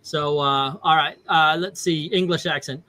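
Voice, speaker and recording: A man's voice: fairly high pitch, fairly even intonation, unhurried, bright, forceful tone, no echo. A man hosting a casual comic book chat, laughing often and reading panels aloud. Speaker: comic book channel host.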